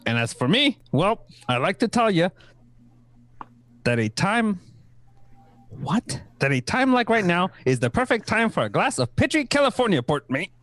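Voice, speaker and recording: A man's voice: high-pitched, big pitch swings, moderate pace, pauses often, fairly bright tone, no room sound. A man voicing an old-time radio announcer with a put-on New Zealand accent, tacking "mate" onto his lines. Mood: hammy. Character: male radio announcer with a shaky Kiwi accent. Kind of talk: amateur radio play reading.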